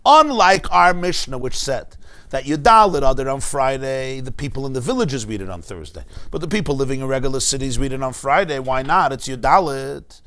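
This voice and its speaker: A man teaching a Talmud class to a congregation, animated and emphatic, with rhetorical asides. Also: medium pitch, a little fast. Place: synagogue class.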